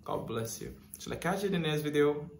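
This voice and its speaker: A man's voice: fairly high pitch, animated, a little fast, vocal fry. A man hosting a music reaction channel, gushing in casual commentary, repeating himself and filling with "like". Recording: echoey room with faint noise.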